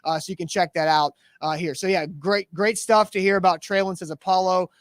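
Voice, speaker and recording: High-voiced chatty sports host man. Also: a little fast, no room sound, studio quality. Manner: energetic, chatty, reads sponsor plugs. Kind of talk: casual sports talk with live reads.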